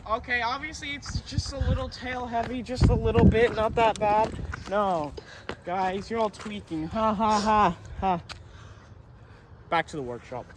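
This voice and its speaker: A man joking his way through a hobby vlog, playful, excitable and self-mocking. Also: high-pitched, normal speed, recorded from a distance, noisy background. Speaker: vlogger. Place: outdoors and in a workshop.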